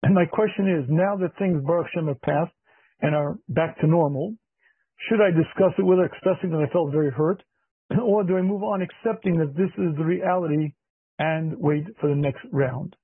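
A husky male rabbi giving a class on marriage, clearing his throat often and hammering points home by repeating them. His voice sits fairly high for a man. The sound is thin and dry, like a phone line. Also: moderate pace, dry recording. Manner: emphatic, repeats key phrases, acts out dialogue. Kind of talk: lecture.

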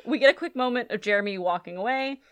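A woman's voice: on the high side, fast talker, a bit bright, clear, resonant tone, no echo. A young woman co-hosting a podcast, rambling playfully with lots of "like"s in casual chat. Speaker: podcast co-host.

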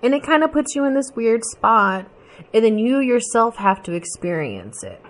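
Lively woman musing aloud. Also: on the high side, moderate pace. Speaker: commentator. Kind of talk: casual reflection.

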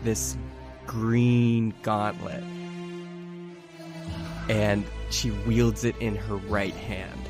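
A man narrating as game master of a tabletop game, playful and unhurried, with faint music behind. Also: on the low side, level tone. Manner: slow, playful narration with laughs.

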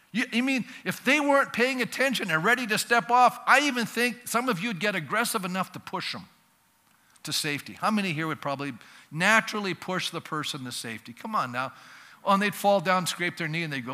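A male pastor preaching a sermon in a lively, conversational way, acting out little dialogues for the congregation. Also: sits high. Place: church sanctuary. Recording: long reverb of a church hall.

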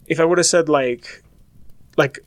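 A man's voice: fairly high pitch, a little slow, no echo. A young American man in casual, rambling monologue, talking chattily with lots of filler words. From United States.

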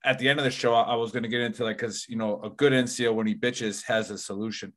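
A man's voice: mid-range voice, steady tone, fast talker. A man hosting a casual podcast with a mid-range voice. He rambles, swears freely and strings his thoughts together with "like" and "you know". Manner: rambling, profane, heavy use of "like" and "you know". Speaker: podcast host. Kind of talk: casual chat.

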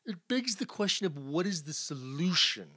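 A sarcastic man co-hosting a comic book podcast and picking apart the plot. His voice is bright and forceful, and it swings widely in pitch. He talks in a loose, mocking, conversational way. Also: sing-song, normal speed. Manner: rhetorical questioning. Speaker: podcast co-host. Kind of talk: casual comic book review chat.

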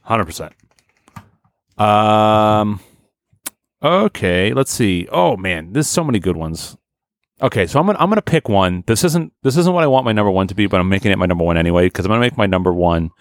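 Low voiced guy on a podcast, blunt and swears a lot, dry close sound. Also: expressive, no room sound. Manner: blunt, swearing, quick to tease. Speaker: podcast co-host. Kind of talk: casual chat.

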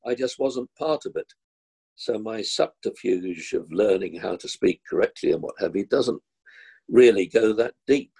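Husky, creaky-voiced older man telling stories. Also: fairly low pitch, lively intonation, moderate pace, dark tone, rough recording. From London, England. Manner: rambling, self-deprecating storyteller with short laughs. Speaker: actor interviewed as guest. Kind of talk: relaxed anecdotal conversation.

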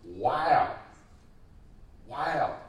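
A man, a pastor preaching a sermon in a conversational way, his pace and loudness rising and falling. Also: medium pitch, animated, extremely slow, a little hiss or hum. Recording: echoey room, mic at a distance.

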